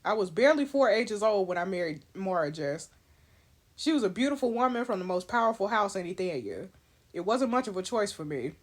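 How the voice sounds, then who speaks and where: A woman voicing a steady, formal adult male king in a story game, reading his lines in a measured way. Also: mid-range voice, close to an everyday voice. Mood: calm, formal.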